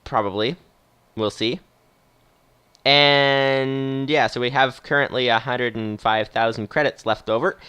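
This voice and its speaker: A man's voice: mid-range voice, fairly even intonation, unhurried, bright, forceful tone, clear, resonant tone, no room sound. Chatty man narrating his game. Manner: chatty, rambling, laughs often. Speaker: game streamer. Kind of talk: casual game commentary and reading aloud.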